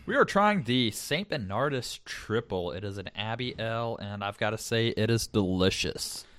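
A man's voice: lowish voice, normal speed, no echo. Laid-back man co-hosting a chat. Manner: relaxed, chatty, many fillers. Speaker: podcast co-host. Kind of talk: casual chat.

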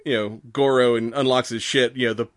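A man co-hosting a podcast in casual chat, laughing often and acting out movie lines with lively put-on voices. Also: medium pitch, brisk, dry recording. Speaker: podcast co-host.

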